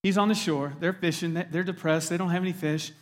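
A man's voice: sits high, fairly even intonation, fairly quick. A man preaching a sermon as a pastor, earnest, repeating words as he stresses his points. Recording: long hall reverb.

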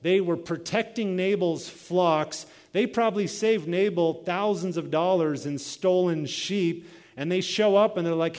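A man's voice: sits high, normal speed, a little mellow, long reverb tail. A man preaching a sermon as pastor, reading scripture and telling a personal story with quoted voices.

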